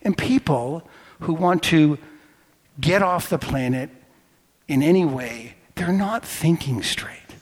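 Animated male pastor in a reverberant hall. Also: a little high, slow, husky. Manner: animated storytelling, swings from quiet to loud. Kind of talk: sermon.

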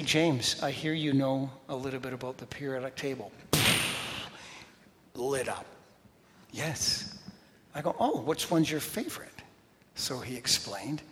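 A man preaching a sermon, telling animated stories, talking straight to the congregation and dropping to a whisper for emphasis. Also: mid-range voice. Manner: animated storytelling, talks to the congregation directly. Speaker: pastor. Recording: long reverb in a large hall.

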